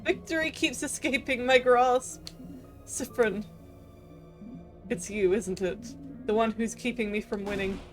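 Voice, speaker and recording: A woman voicing a cruel male tyrant king in a video game, speaking slowly and tauntingly. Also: fairly high pitch, faint music behind, natural voice. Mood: gloating. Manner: slow, taunting, threatening. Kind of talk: reading a video game aloud with voices.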